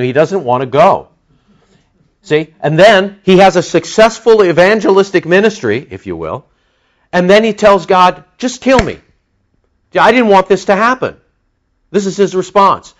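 A man preaching a sermon in an animated, conversational way, acting out the lines he quotes. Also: mid-range voice. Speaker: pastor. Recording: dull lo-fi sound.

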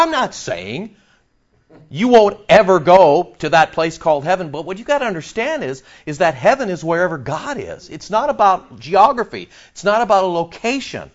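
A man preaching a sermon. He reads scripture aloud, explains it and jokes, swinging from low asides to excited outbursts. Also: normal speed. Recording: dull lo-fi recording.

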